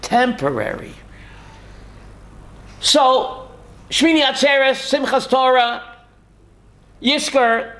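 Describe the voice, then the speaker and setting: Older rabbi with a high gravelly voice. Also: male voice, animated, moderate pace. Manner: asks the audience questions and answers them himself; storytelling, swings from soft to emphatic. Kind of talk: holiday sermon to a congregation.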